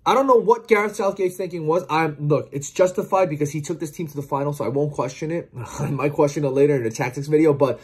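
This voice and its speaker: Earnest husky-voiced man vlogging. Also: on the high side. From outside England, watching from across the Atlantic. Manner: earnest and heartfelt, often stumbles and repeats words. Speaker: football vlogger. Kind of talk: emotional post-match reflection to camera.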